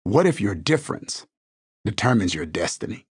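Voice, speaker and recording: Husky man narrating an inspirational book. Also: on the low side, big pitch swings, normal speed, dry recording, studio quality. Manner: earnest, builds through repeated rhetorical questions. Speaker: audiobook narrator.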